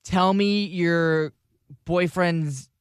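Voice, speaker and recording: Male co-host, casual chat, slightly high voice, rambling with fillers, dry sound. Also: fairly even intonation, drawn-out words, smooth, no echo. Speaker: podcast co-host.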